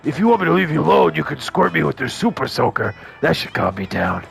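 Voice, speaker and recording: A man's voice: on the high side, big pitch swings, fast, gravelly, soft background music, full character voice. A man voicing an earnest, awkward teenage werewolf boy who rambles eagerly and misses every hint.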